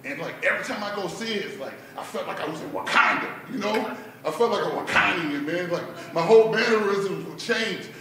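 A man's voice: sits high, animated, brisk, gravelly, a crowd in the background. A man doing a laid-back stand-up comedy set at an open mic, peppering his lines with "man" and "like". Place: bar performance room. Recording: echoey room, mic heard from a distance.

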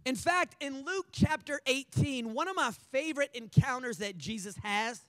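High-voiced energetic male preacher. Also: normal speed, no room sound. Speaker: pastor. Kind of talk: sermon.

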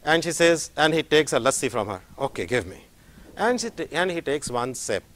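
Animated man lecturing. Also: a little high, brisk, a little hiss or hum. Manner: animated storytelling, acting out dialogues. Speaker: professor. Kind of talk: motivational lecture.

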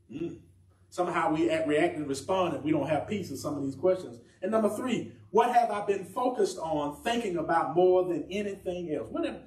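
A man with a high voice delivers an emphatic sermon, stretching out his key phrases. He is picked up from a distance. The sound rings around a reverberant church room. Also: darkish tone. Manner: emphatic preaching with drawn-out phrases. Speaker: pastor. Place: church sanctuary. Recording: echoey church room from far off.

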